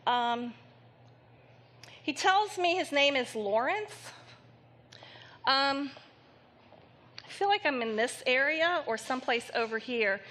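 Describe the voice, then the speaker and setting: A woman psychic medium giving a live reading to an audience member in a theater, speaking gently and haltingly with many pauses. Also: sits high, lively intonation. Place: theater stage before an audience.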